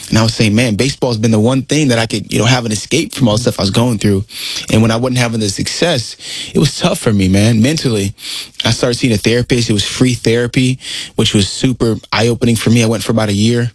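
A man's voice: medium pitch, fast, no room sound. A man in his thirties, a guest in a casual interview, talking earnestly and acting out the people he quotes. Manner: earnest, animated storyteller who acts out quotes.

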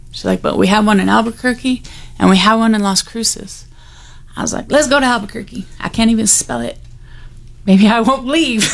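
A woman with a gravelly, fry-laced voice tells her personal testimony in a candid, conversational way. Her delivery is wry and unguarded, with a mid-range pitch. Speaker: guest sharing her testimony.

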